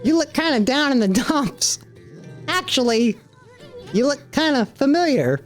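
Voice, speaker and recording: A man's voice: very high voice, animated, measured pace, faint music behind. A man voicing a tiny, boastful male bug who calls himself a wandering artist, brash and bragging. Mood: cocky.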